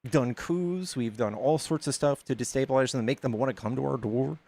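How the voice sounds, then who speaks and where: A mid-pitched man hosting a casual online debate. He lays out his arguments step by step, pushing back steadily, with a loose, filler-heavy way of talking. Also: a little fast, vocal fry, a little mellow. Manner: reasoned, argumentative, many filler likes. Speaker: debate stream host.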